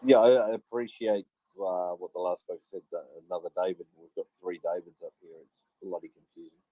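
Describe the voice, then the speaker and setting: A man's voice: low-pitched, fairly quick, mellow, no echo, rough recording. An Australian man speaking in a live audio chat room, getting heated and exasperated and laughing it off with apologies. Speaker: Twitter Space speaker. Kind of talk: casual live audio discussion.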